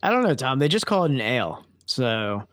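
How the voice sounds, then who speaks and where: A man at ordinary pitch co-hosts a casual podcast, joking and rambling as he laughs his way through the talk. He is recorded close and dry, with no room sound behind him. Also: very animated, a little fast, no echo. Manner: jokey, rambling, laughs often. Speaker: podcast co-host. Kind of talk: casual chat over beer.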